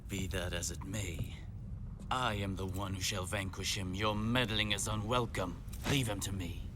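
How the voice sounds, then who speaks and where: A stern, proud vampire hunter, voiced by a man in a video game. His voice is fairly low, and clear noise runs under the game audio. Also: steady tone, normal speed, lightly acted. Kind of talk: video game dub acting.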